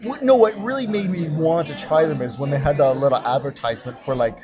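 A man's voice: on the high side, fast talker, dull audio. Playful man with crowd chatter behind. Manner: playful, mock-pompous. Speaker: co-host. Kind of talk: casual chat.

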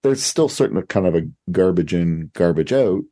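A man hosting a podcast, talking casually in a halting, rambling way. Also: low-pitched, lively intonation, dark tone. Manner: rambling, halting, restarts often. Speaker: podcast host.

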